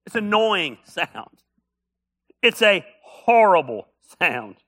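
A male pastor preaching a sermon, telling stories with humor and building up to shouts. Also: high voice, big pitch swings, takes it slowly.

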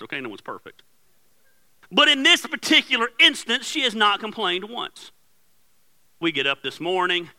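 A middle-aged man preaching to his congregation, swinging his voice up and down as he tells a story about himself. His tone is bright and cutting, and his pitch sits a little high. He plays the other people in the story, loud and exaggerated. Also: low-quality recording. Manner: animated storytelling, acts out his wife's yelling. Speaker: pastor. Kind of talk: sermon. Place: church sanctuary. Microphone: handheld or headset microphone.

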